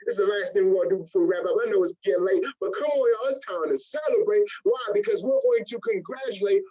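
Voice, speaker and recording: A man's voice: high-pitched, quick pace, dull audio. A man leading a motivational business training, acting out little scenes in different voices as he goes. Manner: animated, acts out little scenes in other voices. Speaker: network marketing trainer.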